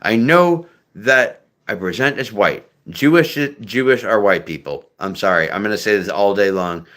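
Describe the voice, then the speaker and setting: A man chats on his live stream in a loose, profane ramble, with lots of fillers and restarts. His voice has a bright, sharp edge to it. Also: lowish voice, lively intonation, moderate pace. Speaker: livestream host. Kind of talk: casual live-stream chat.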